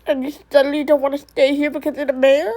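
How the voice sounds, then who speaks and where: A woman's voice: sits high, little pitch movement, fast talker, mellow, low-quality recording. A woman voicing a worried mother who pleads with and scolds her stubborn ghost child in a one-person amateur drama. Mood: lecturing.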